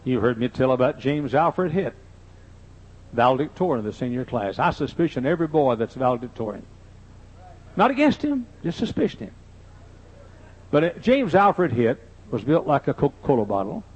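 A man's voice: medium pitch, very animated, normal speed, pauses often, a little mellow, slightly rough. An older man, a pastor, telling folksy, joking anecdotes in a sermon. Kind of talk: humorous sermon storytelling. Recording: dull lo-fi sermon recording.

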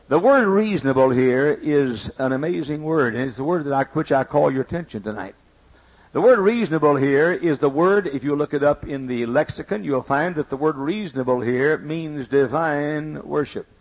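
Gravelly preacher man. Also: on the high side. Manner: folksy, storytelling, repetitive emphasis. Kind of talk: sermon. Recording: dull lo-fi recording.

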